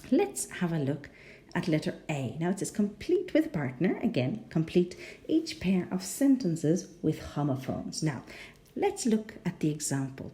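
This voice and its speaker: Woman, English teacher, rhotic English accent, mellow, very animated pitch, patient, checks understanding. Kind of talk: pronunciation lesson.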